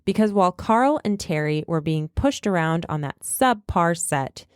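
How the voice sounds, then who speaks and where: Lower-voiced woman podcast storyteller. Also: measured pace, clean tone, no echo, studio quality. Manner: animated, jokey storyteller. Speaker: podcast host. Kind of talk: casual storytelling chat.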